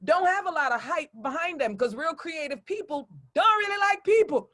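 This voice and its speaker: High-voiced woman hosting a podcast. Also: lively intonation, moderate pace, fairly bright tone. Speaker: radio host. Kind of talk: casual interview chat.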